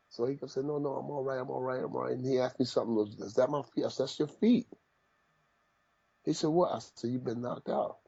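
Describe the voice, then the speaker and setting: A man's voice: medium pitch, dull audio. A man, a boxing trainer, talking casually in an interview and telling stories from the gym, often repeating his phrases. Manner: animated storyteller, repeats phrases.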